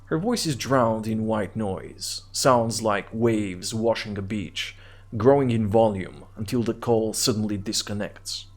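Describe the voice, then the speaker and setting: A man's voice: on the low side, a little slow. A man streaming a game, reading its text aloud and chatting. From Bulgaria. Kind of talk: live-stream game narration and chat.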